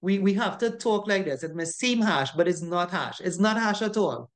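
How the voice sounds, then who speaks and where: An instructor with a Trinidadian accent teaching a recorded online class. The delivery is emphatic and scolding, hammering the same points over and over and checking in with a constant tag question. The voice sits at a middling pitch. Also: normal speed. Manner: emphatic and scolding, repeats points, ends with "right?". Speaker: safety course instructor.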